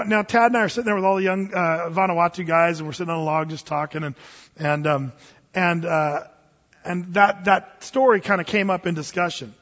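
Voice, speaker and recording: A high-voiced man preaches a sermon, spinning a funny story with restarts and sudden loud bursts. His voice rings with long reverb through a hall. The sound is dull and muffled. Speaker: pastor.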